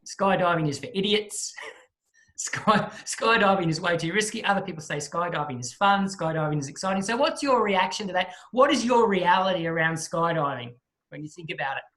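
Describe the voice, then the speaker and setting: A man, a guest speaker telling a lively story in a talk and acting out the people in it. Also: sits high, a little fast. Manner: lively storyteller who acts out the voices of the people in his story.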